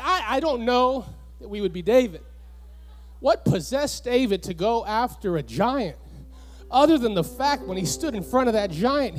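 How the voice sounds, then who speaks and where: A pastor preaching a sermon with passion, repeating lines and building up to shouts. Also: male voice, very high voice.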